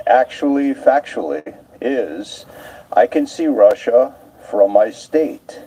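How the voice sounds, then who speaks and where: A man narrating live aboard a cruise ship, telling stories at an unhurried pace and drawing out key words for emphasis. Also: mid-range voice, warm tone, rough recording. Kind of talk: live storytelling commentary.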